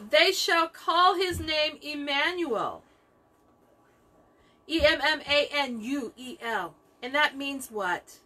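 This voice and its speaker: A woman's voice: high voice, sharp tone. A woman leading a Bible study, teaching with emphatic repetition of key phrases.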